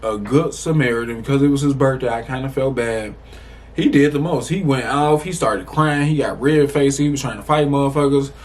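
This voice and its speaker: A man's voice: mid-range voice, fairly quick. Young man telling a rambling, profane story. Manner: animated, profane, rambling with restarts. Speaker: storytime vlogger. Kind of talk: casual storytime.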